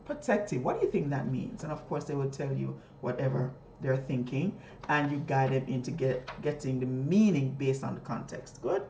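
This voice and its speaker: A woman teacher explaining a reading lesson, often jumping high in pitch as she models questions to students. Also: lively intonation, moderate pace, mellow, slight background noise. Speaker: teacher trainer. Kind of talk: instructional talk modeling a classroom lesson. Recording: echoey room.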